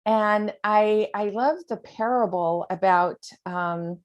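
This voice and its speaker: A woman's voice: medium pitch, slow pace, dull audio. Earnest woman coach on a video call. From United States. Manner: earnest, rambling with fillers. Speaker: spiritual coach, host. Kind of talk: spiritual talk on a video call.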